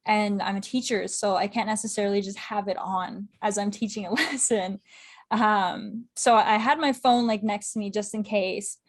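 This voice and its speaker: A woman's voice: medium pitch, fairly even intonation. Chatty young woman. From Canada. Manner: chatty, quick, laughs often, heavy use of "like". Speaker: podcast guest, club correspondent. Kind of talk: casual interview chat.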